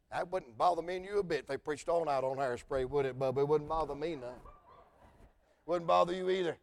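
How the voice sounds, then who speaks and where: High-voiced preacher, folksy and shouting. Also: male voice, moderate pace, gravelly, long pauses. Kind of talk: sermon.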